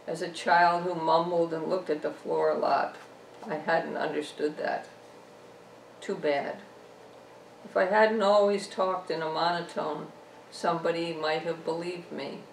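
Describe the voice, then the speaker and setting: A woman author reading her own novel aloud, telling a first-person story at a measured pace. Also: low-pitched, fairly even intonation, gravelly, slight background noise. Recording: echoey room, distant mic.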